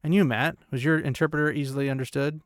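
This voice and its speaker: A man's voice: a little high, fairly even intonation, fast talker, no room sound, clean studio sound, close to an everyday voice. A man voicing a stern, noble-born sorceress who scolds in clipped, cold reproaches. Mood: severe.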